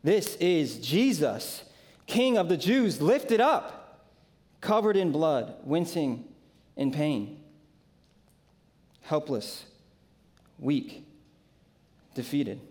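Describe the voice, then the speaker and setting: Emphatic, slightly high-voiced male preacher. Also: big pitch swings, darkish tone. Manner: dramatic, emphatic preaching with slow, deliberate phrases; retells scripture vividly and shares personal stories. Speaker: pastor. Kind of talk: sermon.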